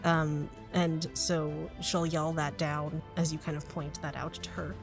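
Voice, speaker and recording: A woman's voice: sits low, little pitch movement, unhurried, music in the background. A woman narrating as game master of a tabletop game, chatty and laughing often.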